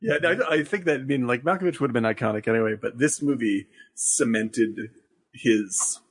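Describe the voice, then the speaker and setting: A man co-hosting a podcast, telling an anecdote in a lively, swearing way. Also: mid-range voice, a little fast, husky. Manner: animated, laughing, swearing storyteller. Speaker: podcast co-host. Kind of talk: casual chat.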